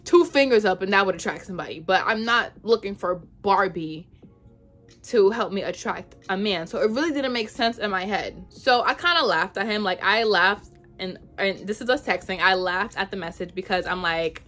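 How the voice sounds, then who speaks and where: A young woman vlogger telling a storytime in casual, animated chat, full of "like". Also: mid-range voice, moderate pace, soft background music. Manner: chatty, animated, says "like" a lot.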